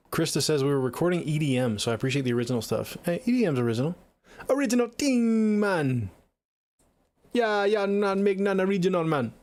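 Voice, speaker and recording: Gravelly laid-back man chatting on a livestream. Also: mid-range voice, darkish tone. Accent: Seattle. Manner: laid-back, profane, joking. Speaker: livestreaming music producer. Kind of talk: casual livestream chat, reading viewer comments.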